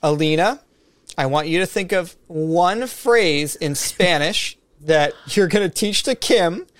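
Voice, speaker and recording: A man's voice: fairly high pitch, animated, slow pace, no room sound. Upbeat man co-hosting a podcast. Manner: upbeat, running a game segment. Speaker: podcast co-host. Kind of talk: casual chat.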